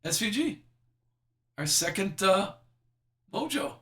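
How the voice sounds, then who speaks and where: Guy running a live card break, kinda high voice, bright, just chatting and calling out cards. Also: sing-song, takes it slowly. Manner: chatty, self-deprecating, reads out cards as he opens packs.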